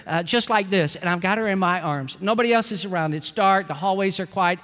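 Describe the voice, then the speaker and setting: A man's voice: high voice, a bit bright, long reverb tail. A middle-aged man preaching a sermon as pastor, earnest and storytelling, repeating phrases for emphasis.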